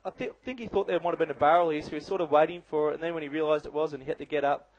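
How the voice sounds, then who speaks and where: A man's voice: fairly high pitch, very fast, muffled recording. A man giving live color commentary on a bodyboarding contest, chatty and analytical with lots of "you know".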